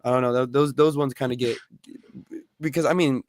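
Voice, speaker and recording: A man's voice: mid-range voice, brisk, no echo. A young man chats on a podcast, full of energy as he tells stories and swears freely. His voice sits in a middle range. It is recorded close and dry, with little room sound. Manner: animated storyteller, swears freely. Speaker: podcast co-host. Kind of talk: casual chat.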